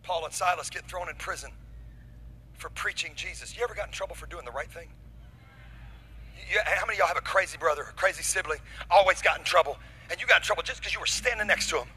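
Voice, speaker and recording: A man preaching a lively sermon as pastor, acting out stories with dramatic, building energy. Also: high voice, quick pace, slightly rough, poor audio. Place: church.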